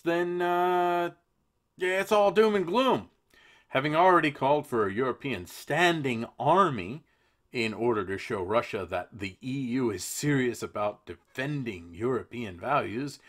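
Brief: male podcast host with a lively, up-and-down voice, sarcastic political commentary. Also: mid-range voice. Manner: sarcastic, conversational, with frequent asides.

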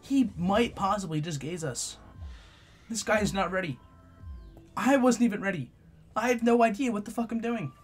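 A young man giving live gameplay commentary, profane and trash-talking, swinging between loud outbursts and low mutters. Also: normal speed, pauses often, breathy edge, soft background music. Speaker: gaming YouTuber.

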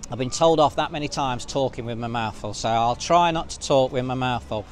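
A man's voice: medium pitch, a little fast, hardly any pauses, slight background noise. A man chatting casually to camera in a walking vlog outdoors, rambling with lots of fillers. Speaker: vlogger. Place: outdoors at a seaside resort street.

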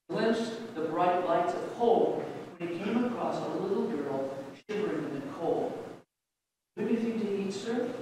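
A man reading a Christmas story aloud during a church service, with gentle, measured storytelling. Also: high voice, a little hiss or hum. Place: church sanctuary. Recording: distant echoey church hall.

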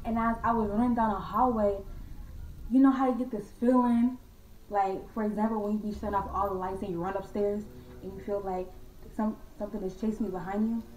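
A young woman casually telling a true ghost story to her viewers, slangy and animated, calling them y'all and acting out her own scared voice. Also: medium pitch, brisk, far from the mic, slight background noise. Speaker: vlogger. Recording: echoey room from off-mic.

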